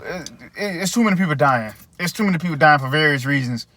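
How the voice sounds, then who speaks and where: A man's voice: a little high, lively intonation, fast, pushed and bright. A man in casual chat, opinionated and lecturing as he retells scenes at length.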